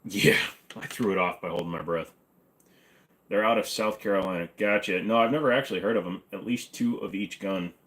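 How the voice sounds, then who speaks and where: A man's voice: fairly low pitch, a little fast, a bit bright. A man in his forties hosting a casual livestream Q&A from his apartment, talking in a rambling, offhand, joking way. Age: 40s. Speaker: livestream host. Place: apartment bedroom-living room.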